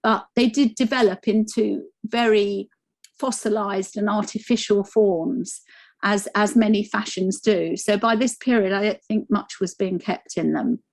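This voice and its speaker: A woman giving an academic conference lecture over slides, speaking with frequent ums, pauses and restarts. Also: medium pitch, steady tone, vocal fry. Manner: hesitant, many ums and restarts.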